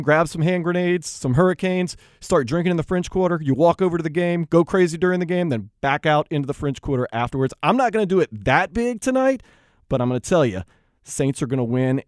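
A man with a South Louisiana accent hosts a sports radio show in a folksy, upbeat manner. His voice sits a little high, and it is recorded dry and close on a studio mic. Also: fairly quick, darkish tone, dry recording. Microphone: studio microphone.

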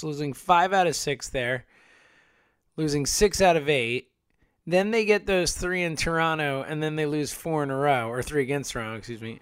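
A man's voice: a little high, clear, resonant tone, no echo, studio quality. Exasperated man ranting about his team. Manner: exasperated, ranting, swings loud and quiet. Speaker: sports podcast host. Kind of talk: casual sports commentary monologue.

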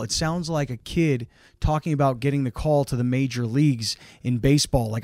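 A man hosting a podcast interview lays out his guest's story back to him before asking a pointed question. His pitch sits in the middle for a man. The recording is dry and close. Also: moderate pace, hardly any pauses, darkish tone, no echo. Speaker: podcast host. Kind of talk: interview host.

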